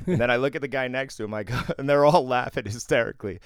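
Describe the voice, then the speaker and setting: A man co-hosting a podcast, telling stories in a casual, animated way and swearing freely. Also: mid-range voice, fast talker, smooth, no room sound, clean studio sound. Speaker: podcast co-host. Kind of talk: casual chat. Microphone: close podcast mic.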